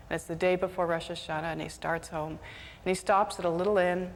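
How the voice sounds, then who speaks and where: A woman telling a folk tale aloud with animated, dramatic delivery, shifting into character voices. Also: on the low side, moderate pace, long reverb tail, a little hiss or hum. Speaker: storyteller. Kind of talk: live oral storytelling.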